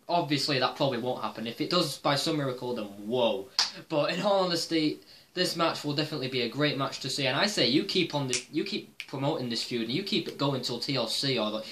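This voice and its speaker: A man's voice: mid-range voice, fairly bright tone, slight background noise. Rambling, foul-mouthed male wrestling vlogger. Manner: rambling and profane, with frequent "um" fillers. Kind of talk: casual opinion monologue.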